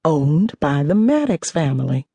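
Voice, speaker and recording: A self-assured woman with a dry, teasing wit, voiced by a woman narrator in an audiobook. Her voice is warm and a touch husky, recorded close and dry. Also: low voice, big pitch swings, unhurried, no room sound, heavily acted. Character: confident sharp-witted woman chemist, teasing.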